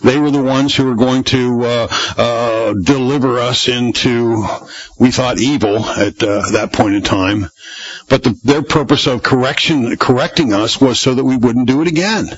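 A man's voice: medium pitch, moderate pace, slightly rough, highs cut off. A man preaching a sermon in a church, talking conversationally to his congregation and often restarting phrases. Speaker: pastor.

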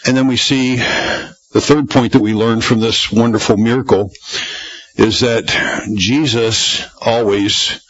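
A man's voice: medium pitch, steady tone, slow, muffled recording. A man preaching a sermon in a church, talking conversationally to his congregation and often restarting phrases. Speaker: pastor.

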